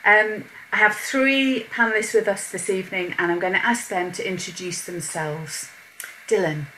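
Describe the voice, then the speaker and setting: A woman hosting a live online panel over a video call. Her pitch sits mid-range for a woman, and her welcome slips into a short prayer. A faint hiss lies behind her voice. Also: moderate pace, bright, forceful tone, rough recording. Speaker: host.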